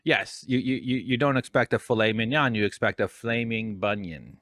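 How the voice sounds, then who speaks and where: A man's voice: on the low side, normal speed, fairly bright tone, no room sound, clean studio sound. A man hosting a podcast in casual chat, joking crudely and stammering. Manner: jokey, crude asides, stammering. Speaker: podcast host.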